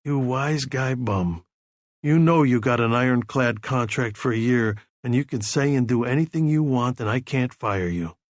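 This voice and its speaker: A tired, gruff former star singer, as a narrator voices him, speaking low and soothing in street slang. The delivery is close-miked and dry, with no room sound. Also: male voice, moderate pace, no echo, lightly acted. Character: world-weary former star singer, grown man.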